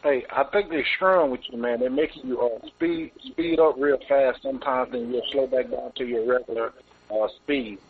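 Brief: husky male caller, friendly chat, heard over a phone line. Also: medium pitch. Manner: friendly, halting, fillers. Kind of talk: casual chat.

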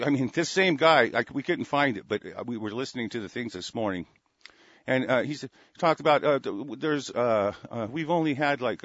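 A man's voice: medium pitch, a bit bright, no room sound. A man in an angry, profane rant, talking in heated bursts with stammering restarts. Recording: dull lo-fi dry recording.

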